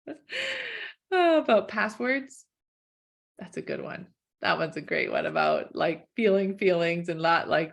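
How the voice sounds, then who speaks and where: A woman coaching in a webinar, talking conversationally with lots of "like" and "right?", acting out quick quoted thoughts with gasps. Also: on the high side, fairly bright tone. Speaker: weight-loss coach. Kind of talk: webinar teaching.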